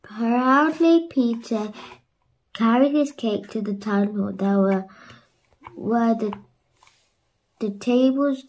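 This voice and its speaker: A woman reading a children's bedtime story aloud in a slow, gentle way. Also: fairly high pitch, poor audio.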